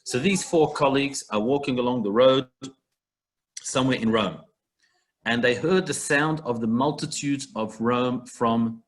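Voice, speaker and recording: A man's voice: medium pitch, a little slow. A man teaching a Talmud passage in an online class, talking it through in a conversational way with everyday comparisons, heard over a video call. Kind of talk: online text study class.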